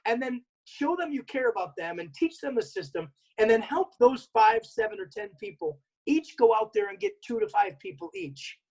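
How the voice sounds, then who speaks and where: Male seminar presenter, husky tone, energetic, drives points home by repetition. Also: extremely high pitch, moderate pace, hardly any pauses, poor audio. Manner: energetic, repeats key points, acts out remembered dialogue. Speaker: network marketing workshop presenter. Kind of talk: seminar talk.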